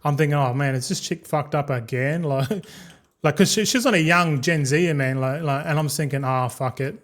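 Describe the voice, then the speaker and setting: A man's voice: a little high, moderate pace. A young man telling a long, rambling story as a streamer, repeating words and swearing casually.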